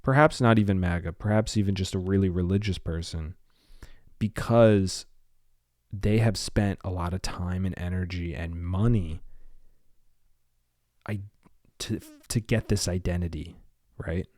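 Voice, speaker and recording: A man with a low voice and a slight lisp hosts his solo podcast in a casual, rambling way. He wanders off topic, then steers back. The sound is close and dry. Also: moderate pace, a little mellow, no echo. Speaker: podcast host.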